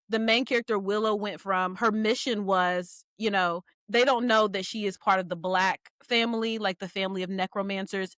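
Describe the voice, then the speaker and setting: A woman co-hosting a podcast, chatting casually in an animated, exasperated and rambling way. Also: medium pitch, no room sound, clean studio sound. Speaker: podcast co-host. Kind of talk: casual book review chat.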